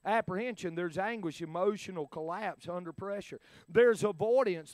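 A folksy preacher tells a story from the pulpit, his voice very high and smooth. He swings between loud bursts and hushed asides. The sound is dry and close, with no room echo. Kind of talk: storytelling sermon.

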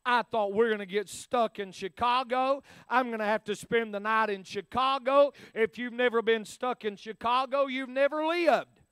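A folksy preacher tells a story from the pulpit, his voice very high and smooth. He swings between loud bursts and hushed asides. The sound is dry and close, with no room echo. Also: moderate pace, hardly any pauses. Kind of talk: storytelling sermon.

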